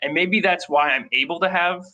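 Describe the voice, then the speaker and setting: A man from Minnesota, a podcast guest, telling animated stories in casual talk and acting out the people he met. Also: sits high, fairly quick, lo-fi sound. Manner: animated storyteller, acts out quoted people. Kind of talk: casual storytelling.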